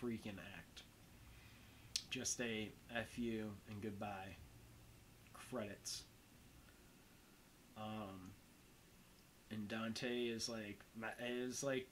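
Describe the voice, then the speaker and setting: Slow, rambling young man commenting on a film. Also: fairly low pitch, slight background noise, rough recording. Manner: rambling, heavy on fillers like "um" and "like". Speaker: movie commentary host.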